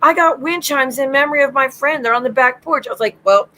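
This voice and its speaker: A woman rants through a livestream, her voice sitting a little high. She is blunt and sassy, swears freely, and talks straight to her viewers as a psychic medium host. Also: quick pace, pushed and bright, low-quality recording. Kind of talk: ranting livestream commentary.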